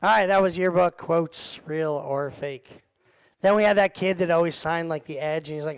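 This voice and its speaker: High-voiced joking man in a youth room. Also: moderate pace, clean tone, no room sound, low-quality recording. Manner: joking, self-deprecating, talks to the kids in the room. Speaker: youth pastor. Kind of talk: casual youth group talk. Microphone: handheld or headset mic.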